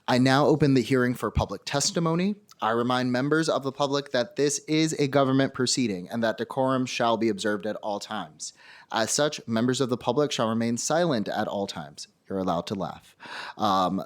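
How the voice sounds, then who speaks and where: A man chairing a city council hearing, reading the rules for public testimony with a loose, joking aside. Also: mid-range voice.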